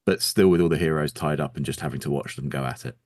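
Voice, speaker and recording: A man's voice: rumbling low, fast talker, darkish tone, no echo, studio quality. A man co-hosting a podcast, explaining things in a matter-of-fact way and agreeing often. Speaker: podcast co-host. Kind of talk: casual comedic chat.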